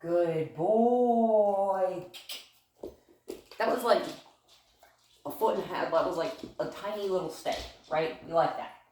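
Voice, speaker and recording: A woman with a fairly low voice talks through a dog training session in a chatty, upbeat way. She sounds far from the mic, in a very echoey living room. A faint hiss sits under her voice. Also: takes it slowly, pauses often, a little mellow. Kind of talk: casual training demonstration. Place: living room at home with a couch.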